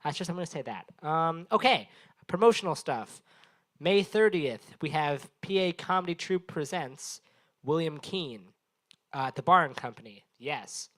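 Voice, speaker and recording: Young guy hosting an open mic, kinda high voice, rambly and sweary, roasting the crowd. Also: lively intonation, normal speed, fairly bright tone. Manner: rambling, profane, teasing the audience. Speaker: stand-up comedian and open mic host. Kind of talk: live stand-up crowd work. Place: small bar venue stage before a live audience.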